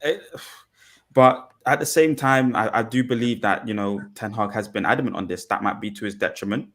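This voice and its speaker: A man talking things through deliberately on a fan podcast panel, with many pauses and restarts. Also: fairly low pitch, a bit bright. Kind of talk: measured fan podcast discussion.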